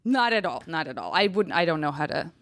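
A woman's voice: sits low, sing-song, quick pace, a bit bright, dry recording. A woman hosting a podcast in casual conversation, chatty and eager, often chiming in to agree. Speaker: podcast host.

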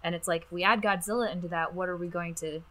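A woman co-hosting a podcast in relaxed, chatty conversation. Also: on the low side, fast talker. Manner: relaxed, chatty, laughs easily. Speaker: podcast co-host. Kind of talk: casual chat.

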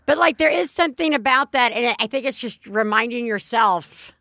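A woman's voice: on the high side, expressive, moderate pace, bright, forceful tone, no room sound, clean studio sound. A woman in her thirties co-hosting a parenting podcast, rambling and laughing through casual chat. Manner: rambling, lots of fillers and restarts, laughs easily. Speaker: podcast co-host.

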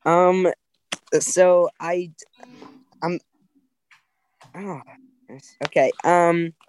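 A man's voice: sits high, little pitch movement, a little mellow, a little hiss or hum. Hesitant male caller on a comedy podcast. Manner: hesitant, halting, full of ums. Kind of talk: call-in chat.

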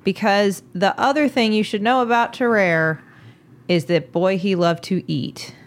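A woman's voice: mid-range voice, unhurried. Brief: woman podcast host, casual storyteller, giggles often, chatty and amused.

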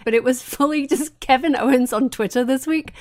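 A woman's voice: sits high, a little fast, dry recording, studio quality. A woman co-hosting a wrestling podcast in casual chat, joking and laughing often. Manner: laughs often, jokey, animated. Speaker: podcast co-host.

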